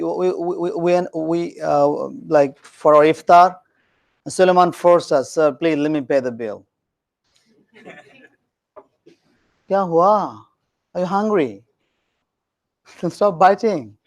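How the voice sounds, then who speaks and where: A man teaching a grammar lesson in a classroom, animated and joking with his students. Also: high voice. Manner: animated, joking with students, mixes in Hindi phrases.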